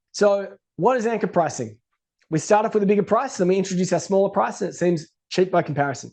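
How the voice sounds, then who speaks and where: A man teaching business pricing to camera in a casual, animated way, acting out the people in his stories. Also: sits high, quick pace, gravelly. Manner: animated storytelling, acts out quoted people. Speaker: business educator.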